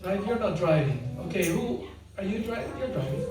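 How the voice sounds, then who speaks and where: In a large hall before an audience, a devotional speaker with a mid-range voice and lively intonation gives an informal spiritual talk at a moderate pace, joking and quizzing listeners amid frequent laughter. The recording is very echoey, with the mic far away.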